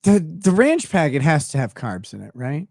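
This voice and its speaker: A man's voice: a little high, big pitch swings, normal speed, creaky, darkish tone, no room sound, clean studio sound. A man co-hosting a casual livestream, teasing his partner with profane banter and mock cross-examination. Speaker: livestream co-host.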